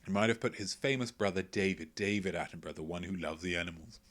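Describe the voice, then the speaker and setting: A man's voice: low-pitched, fairly even intonation, fast talker, a bit bright. A man hosting a live-streamed quiz from home, reading out chat messages with playful, rambling asides. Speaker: quiz host. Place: at home, indoors.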